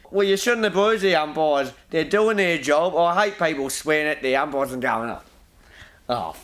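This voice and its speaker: A man's voice: a little high, a bit bright. An Australian man hosting a homemade football show, rambling through his tips and rants with frequent restarts. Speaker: host of a local football show. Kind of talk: casual football tips segment.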